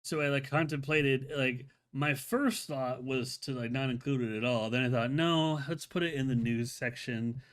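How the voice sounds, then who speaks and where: Male host, solo stream commentary, chatty and rambling, mid-pitched voice, eager and casual. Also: steady tone, normal speed, hardly any pauses. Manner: rambling, many restarts and "like" fillers; enthusiastic, casual. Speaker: live-stream film show host.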